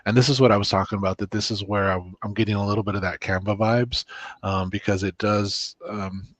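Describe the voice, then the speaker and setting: A man hosting a casual chat while walking through a software demo, rambling with restarts and fillers. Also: fairly low pitch, steady tone, brisk, no echo. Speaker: co-host demoing software. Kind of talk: casual screen-share chat.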